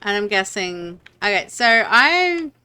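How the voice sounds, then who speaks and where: Bright, crisp-voiced woman streamer. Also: mid-range voice, sing-song. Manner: rambling, halting with many fillers and restarts. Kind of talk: casual gameplay chat.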